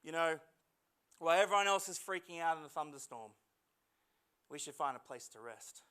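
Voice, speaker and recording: A man preaching a sermon in a church service, animated and dramatic, slipping in jokey asides. His voice is high for a man and bright, with a forceful, cutting tone. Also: moderate pace, clear, resonant tone. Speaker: pastor.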